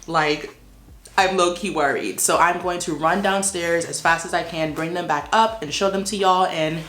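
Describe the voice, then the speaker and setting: A woman's voice: on the low side, moderate pace, fairly bright tone. A young woman vlogging about her small shop, chatty and anxious, with frequent exclamations. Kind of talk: casual vlog talk. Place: Brooklyn, New York.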